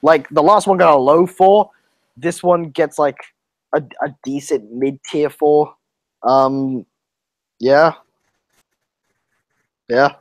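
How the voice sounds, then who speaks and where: Slow and steady, his fairly high voice leaves long pauses, recorded with no room sound. He's a young man co-hosting a casual wrestling review podcast, full of laughter and free swearing.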